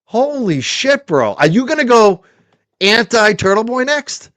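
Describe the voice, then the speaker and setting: A man's voice: very high-pitched, big pitch swings, a little slow, fairly bright tone, dry recording, pitched above the performer's own voice, heavily acted. A man putting on a voice of a friend who lectures his pal in an exaggerated, sing-song, mocking way. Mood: mock scolding. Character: mock-stern adult man lecturing a friend.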